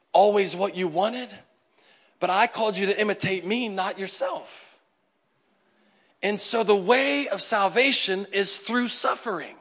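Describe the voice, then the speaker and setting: A man preaching with a high, bright, forceful voice. He swings from quiet, confiding asides to loud, excited peaks. He acts out quoted voices with comic exaggeration. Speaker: pastor. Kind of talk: sermon.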